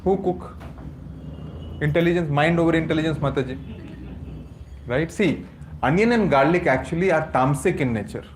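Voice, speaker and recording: A man with an Indian accent teaches a spiritual class in a lively, rhetorical way. He keeps asking his listeners questions and drifts between English and Hindi, with a fairly high voice for a man. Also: normal speed, pauses often, a little hiss or hum. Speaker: course teacher at a temple. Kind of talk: lecture to a class.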